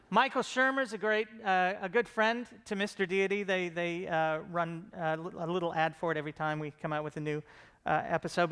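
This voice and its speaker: Bright, smooth-voiced man joking on stage. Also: on the high side. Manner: joking, self-deprecating, many fillers and restarts. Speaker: comedy show creator giving a conference talk. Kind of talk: casual comedic talk to a live audience.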